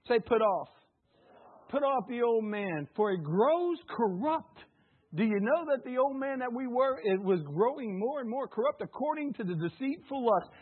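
Man, pastor, high husky voice, call-and-response sermon, tinny phone-like sound. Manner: call-and-response preaching, has the congregation repeat words; exhorting, repetitive.

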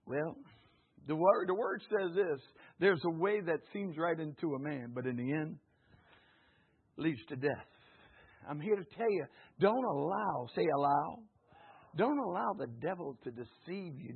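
A man preaching a sermon with call-and-response, his voice swelling to shouts on key lines. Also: high voice, animated, normal speed, breathy edge. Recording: tinny phone-like recording.

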